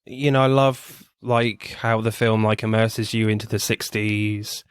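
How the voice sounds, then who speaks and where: Low-voiced sweary English podcast host. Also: male voice, fairly even intonation, a little slow, smooth, no room sound, studio quality. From England. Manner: jokey and sweary, laughs easily. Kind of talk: casual film podcast chat.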